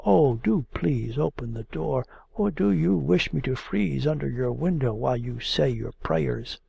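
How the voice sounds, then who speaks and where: A man's voice: medium pitch, expressive, a little slow, creaky, mellow, slightly rough, highs cut off, heavily acted. A man voicing a timid yet capricious young woman in an audiobook, pleading and coaxing. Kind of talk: audiobook character reading.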